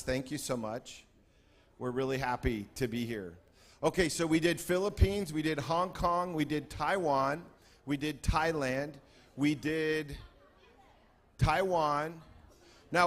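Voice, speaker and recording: A man speaking on stage at a convention, playfully calling out to groups in the crowd and shouting greetings. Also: a little high. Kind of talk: lively stage address to a crowd. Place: large convention hall with a crowd.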